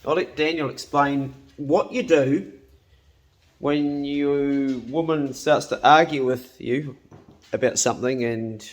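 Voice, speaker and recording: A New man in his fifties talks casually to camera in his home kitchen. He is blunt, swears freely and laughs easily, at a middling pitch. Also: slow. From New Zealand. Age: 50s. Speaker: hunting and cooking vlogger.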